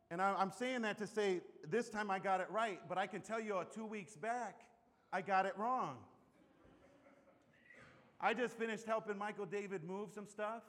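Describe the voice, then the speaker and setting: High-voiced preaching pastor, lively storyteller. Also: male voice, long reverb tail. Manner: storytelling, swings between loud bursts and hushed asides. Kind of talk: sermon.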